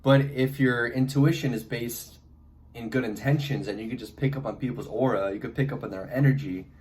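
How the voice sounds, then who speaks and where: A man's voice: mid-range voice, fairly quick, darkish tone, a little hiss or hum. A young man with a congested head cold, talking casually to camera and rambling with lots of fillers and restarts. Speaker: vlogger. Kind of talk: casual advice monologue.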